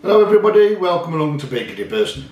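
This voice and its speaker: Male host, casual rambling chat, higher voice, roomy echo. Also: big pitch swings, quick pace, darkish tone. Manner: chatty, rambling, self-correcting. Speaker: magnet fishing channel host. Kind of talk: casual chat showing finds.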